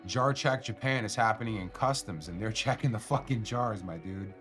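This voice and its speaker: A man's voice: on the low side, moderate pace, fairly bright tone, faint music behind. A man hosting a casual live stream, talking in loose, profane, rambling slang to his chat. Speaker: cannabis stream host.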